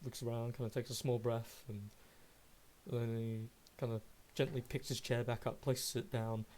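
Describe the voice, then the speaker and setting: A man's voice: medium pitch, level tone, normal speed, a little mellow, slight background noise. A man running a tabletop game as game master, describing scenes in a hesitant, filler-laden way.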